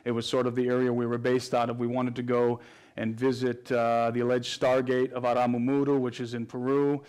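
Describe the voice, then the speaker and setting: A man's voice: mid-range voice, monotone, a little fast, a little mellow, smooth. A man answering interview questions at length in an earnest, explanatory way, often restarting his phrases. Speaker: guest researcher.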